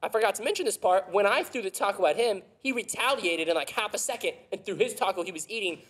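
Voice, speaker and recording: A man's voice: high-pitched, fast talker. Young man telling a story with laughs. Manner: animated, laughs often, acts out the voices of people in his story. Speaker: podcast host. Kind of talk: casual storytelling.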